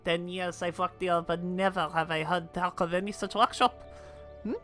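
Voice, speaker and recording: A woman's voice: fairly low pitch, steady tone, normal speed, a bit bright, soft background music, close to an everyday voice. A woman voicing a courteous innkeeper in a put-on French accent, now and then stumbling over words. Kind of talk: reading game dialogue aloud.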